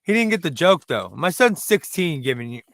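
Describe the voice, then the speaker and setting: Bright-voiced rambling comedian, high and crisp. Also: male voice, big pitch swings, normal speed, no room sound. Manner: rambling, self-deprecating, restarts a lot. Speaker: stand-up comedian and host. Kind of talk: casual stand-up monologue. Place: room in front of a brick wall.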